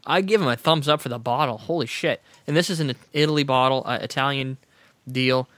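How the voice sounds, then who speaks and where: A man in a casual drinks-tasting chat, excitable and crude. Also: medium pitch, brisk, dry recording. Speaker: co-host tasting liqueur.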